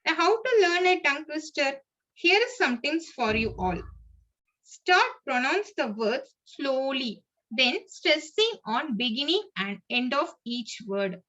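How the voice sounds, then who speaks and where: High, lively woman teaching pronunciation. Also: measured pace. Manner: reads list-like points with small slips and restarts. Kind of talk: lesson narration. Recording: muffled lo-fi audio.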